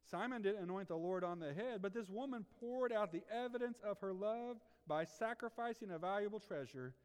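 A man preaching with fervor, his fairly high voice rising to loud peaks and dropping to near hushes. He throws rhetorical questions at the congregation. The sound rings with the long reverb of a big hall. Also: animated, a little fast, clear, resonant tone. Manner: impassioned, swinging from loud to hushed. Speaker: pastor. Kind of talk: sermon.

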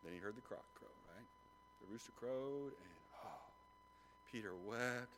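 A man preaching a sermon, retelling a Bible story with lively acted-out voices. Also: medium pitch, a little slow, slight background noise, poor audio. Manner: animated storytelling, acts out the voices of biblical figures. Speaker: pastor.

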